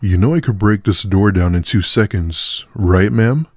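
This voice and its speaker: A man voicing a creepy middle-aged male intruder who speaks slowly and quietly. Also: lowish voice, dry recording, studio quality, soft background music. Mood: menacing. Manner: slow, quiet menace.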